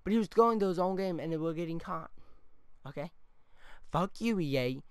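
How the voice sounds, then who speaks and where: A man's voice: sits high, lively intonation, moderate pace, clear, resonant tone, dry recording, clean studio sound. A man ranting through gameplay commentary with heavy swearing, often tagging his points with "okay?". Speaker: gaming YouTuber. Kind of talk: angry gameplay rant commentary.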